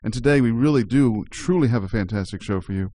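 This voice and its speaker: A man's voice: medium pitch, fast talker, warm tone. A man hosting a community radio show, talking in a chatty way and laughing easily. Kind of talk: casual community radio chat.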